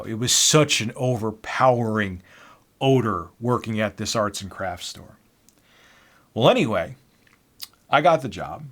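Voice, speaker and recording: A man's voice: mid-range voice, fairly bright tone. Candid, sardonic middle-aged man telling stories. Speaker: vlogger. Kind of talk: casual storytelling.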